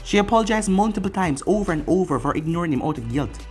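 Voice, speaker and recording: Fan fiction narrator with lively pitch. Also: fast, soft background music.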